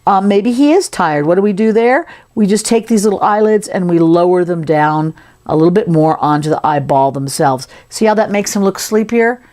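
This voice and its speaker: A woman's voice: lowish voice, moderate pace, a little mellow. A woman giving a casual, playful sculpting tutorial, chatting as she works. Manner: chatty, playful, talks while working. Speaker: sculpting instructor.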